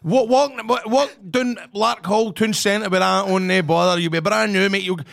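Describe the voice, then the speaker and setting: A man's voice: sits high, fairly even intonation, normal speed, vocal fry, fairly bright tone. A Scottish man co-hosting a podcast, boisterous and bantering, swearing freely. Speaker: podcast co-host. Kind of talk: casual podcast chat.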